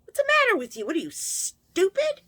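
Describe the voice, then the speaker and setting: A woman's voice: very high voice, huge pitch swings, brisk, sharp tone, no echo, pitched above the performer's own voice, heavily acted. A woman voicing a harsh, short-tempered mother who berates her child with contempt. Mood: scornful.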